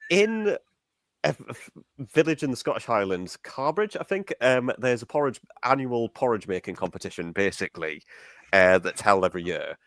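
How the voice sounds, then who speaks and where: A man's voice: medium pitch, lively intonation, normal speed, fairly bright tone, dry recording. A man chatting enthusiastically on a podcast, reviewing a film with laughs and asides. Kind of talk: casual chat.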